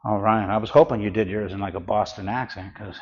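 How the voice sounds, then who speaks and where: Rambling low-voiced man on a podcast. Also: fast, breathy edge, dull audio. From San Francisco, USA. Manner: relaxed, rambling, with many fillers. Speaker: podcast co-host. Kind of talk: casual podcast chat. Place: studio.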